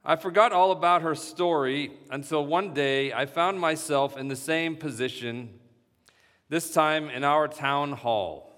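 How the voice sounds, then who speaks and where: A man reading a story aloud in a measured, deliberate way. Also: fairly high pitch, a bit bright. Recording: reverberant hall sound.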